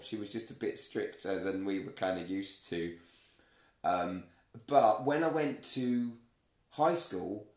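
A man hosting a podcast in casual chat, rambling and playful, often cutting himself off. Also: lowish voice. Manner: rambling, self-interrupting, playful. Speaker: podcast host. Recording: roomy echo.

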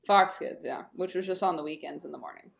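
A woman's voice: low-pitched, fast, creaky. A woman casually recapping a kids' TV episode on a podcast, chatty with lots of fillers. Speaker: podcast co-host. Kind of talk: casual chat recapping a TV show.

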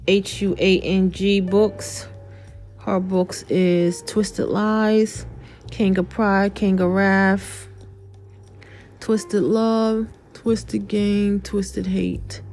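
Woman rambling about books on her podcast, mellow low-key tone, voice going dry, faint music behind. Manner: chatty, filler-heavy, spells out names. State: losing her voice, dry throat. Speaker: podcast host. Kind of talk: casual book recommendations.

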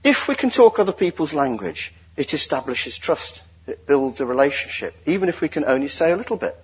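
Lively man preaching a sermon. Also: on the high side, brisk, husky. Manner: lively, joking, directs the congregation. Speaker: lay preacher. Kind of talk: sermon with audience participation.

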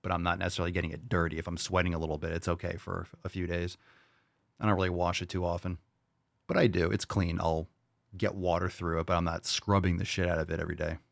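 Deep gravelly man, blunt and profane. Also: level tone, quick pace, no echo, clean studio sound. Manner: blunt, profane, mock-incredulous. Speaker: podcast host answering listener questions. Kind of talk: casual chat.

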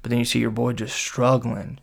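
A man's voice: mid-range voice, a little fast, gravelly. A young man casually telling a rambling story, full of fillers and acted-out quotes. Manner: rambling, animated, lots of fillers, acts out quotes.

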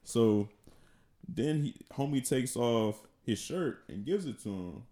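A man telling a story on a podcast in a halting, casual way, often repeating words. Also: medium pitch, expressive, mellow. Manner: halting, repeats words, laughs between lines. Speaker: podcast co-host. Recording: echoey room.

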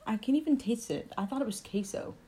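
A young adult woman co-hosting a casual chat, talkative and quick to finish her partner's sentences. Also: on the high side, mellow, a little hiss or hum.

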